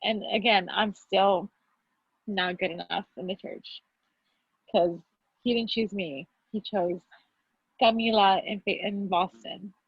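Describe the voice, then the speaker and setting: A woman's voice: medium pitch, steady tone, slow pace, long pauses, husky, dry recording, lo-fi sound. A woman from Texas in a casual, candid chat, teary at times and swearing freely. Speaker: podcast co-host.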